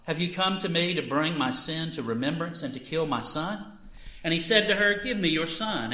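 A man reading scripture aloud at a church service with emphatic delivery. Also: pushed and bright. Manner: emphatic reading that lifts in pitch and volume for the scripture. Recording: echoey room.

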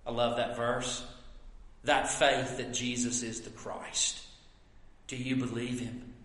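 A man's voice: mid-range voice, level tone, slow. Echoing, earnest male preacher. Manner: earnest, with many questions to the listener, swinging from loud to soft. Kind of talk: sermon. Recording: roomy hall with long echo.

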